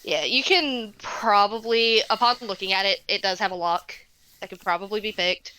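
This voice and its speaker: Brief: woman game master, unhurried, bright tone, halting delivery, dry close mic. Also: mid-range voice, clear, resonant tone, no room sound. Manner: halting, restarts often, laughs easily. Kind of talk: narrating a tabletop game.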